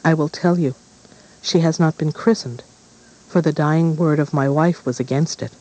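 A man's voice: on the high side, steady tone, normal speed, a little mellow, highs cut off, natural voice. A man doing a grave fatherly king. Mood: firm.

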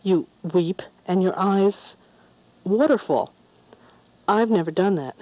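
Woman reading as a young merboy, shy, innocent, wondering, soft and mellow, storybook. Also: mid-range voice, slow pace, dry recording, highs cut off. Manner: hesitant, wondering.

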